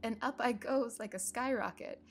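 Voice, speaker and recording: A woman doing a feeble, squeaky little lizard. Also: moderate pace, slight background noise, lightly acted. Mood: shaken.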